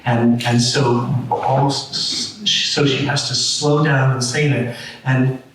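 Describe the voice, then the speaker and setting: A man's voice: medium pitch, flat delivery, slow. A man hosting a panel discussion, rambling and restarting his sentences often. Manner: rambling, many restarts and fillers. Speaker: artistic director hosting a panel. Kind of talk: roundtable discussion. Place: large room at a public panel. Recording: echoey room, mic far off, faint noise.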